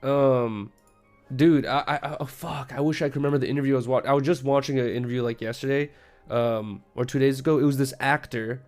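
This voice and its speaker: A man's voice: mid-range voice, steady tone, a little fast, a little mellow, faint music behind. Rambling, profane American man streaming. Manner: rambling, profane, laughs easily. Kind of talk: casual late-night stream chat.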